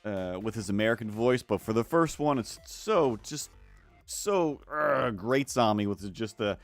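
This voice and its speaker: An art streamer chats while drawing on a livestream, his rambling full of restarts and silly voices. He speaks in an animated, unhurried voice on the low side. The recording is dry, with faint music behind.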